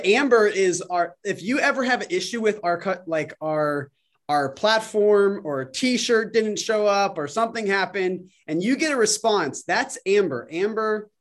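A man hosts a casual online chat. His voice sits a bit high, and he talks in an enthusiastic, playful way as he greets everyone. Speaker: host.

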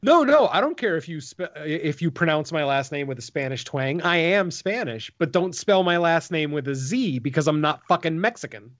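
A man's voice: fairly high pitch, expressive, normal speed, hardly any pauses, fairly bright tone. A man co-hosting a horror podcast, chatting casually and rambling with many fillers. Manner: rambling, filler-heavy, laughs easily. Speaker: podcast co-host. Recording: dull lo-fi audio.

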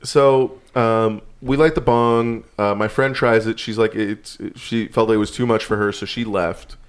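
A man's voice: on the low side, fairly even intonation, unhurried, clean tone. A man telling a story in casual chat, rambling and laid-back, swearing now and then.

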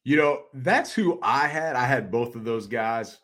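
A middle-aged man co-hosting a sports podcast in casual chat, animated and quick to laugh. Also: mid-range voice. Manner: animated, laughs easily, restarts often. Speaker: podcast co-host.

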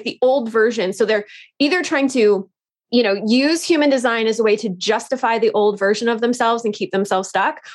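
A woman, a podcast co-host and business owner, talking frankly and playfully in casual conversation, with some swearing. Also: fairly high pitch.

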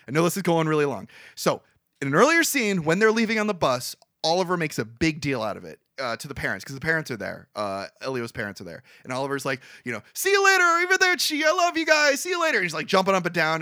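A man of middle pitch chats casually on a podcast, walking through a movie's plot scene by scene. He rambles and restarts with plenty of fillers, and his voice keeps rising and falling as he tells it. The sound is dry and close, with no room around it. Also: no echo. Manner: rambling, animated storytelling with many fillers. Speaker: podcast co-host. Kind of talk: casual chat retelling a movie.

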